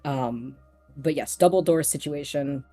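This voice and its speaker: A woman runs a tabletop role-playing game, narrating in a loose, rambling way full of fillers. Her voice is low and unhurried, with faint music underneath. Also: warm tone. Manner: rambling, lots of fillers, laughs easily. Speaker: game master.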